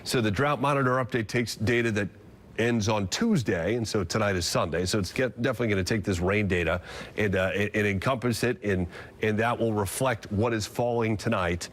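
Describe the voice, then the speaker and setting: A man's voice: on the low side, a little fast, a bit bright. A man, a TV meteorologist, giving live severe weather coverage and explaining radar as he goes, with fillers and restarts.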